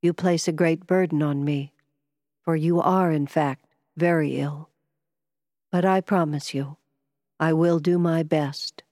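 A woman reading the part of a calm, wise male doctor who speaks with gentle reassurance. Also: low voice, slow, no room sound, studio quality, in a large hall.

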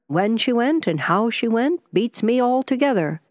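Sea captain, older man, gruff, stern, deliberate, dry close recording, voiced by a woman. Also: fairly high pitch, expressive, darkish tone, no room sound, voice pushed up, natural voice. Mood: perplexed. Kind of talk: audiobook character voice.

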